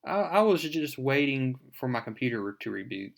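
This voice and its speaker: A man's voice: mid-range voice, sing-song, a little fast, vocal fry. Flustered stammering teen boy, put on by a man. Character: nervous teenage boy, flustered.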